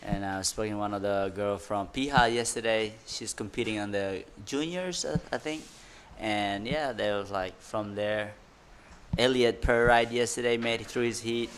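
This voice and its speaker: Excitable male surf commentator. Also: fairly low pitch, moderate pace, slight background noise. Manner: excitable, loose broken phrasing. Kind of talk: live sports commentary.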